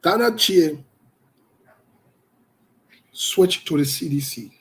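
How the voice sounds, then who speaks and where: A man's voice: fairly high pitch, expressive, takes it slowly, fairly bright tone, rough recording. A man hosting a radio talk show, giving opinionated commentary in a defiant, passionate way and repeating his points for emphasis.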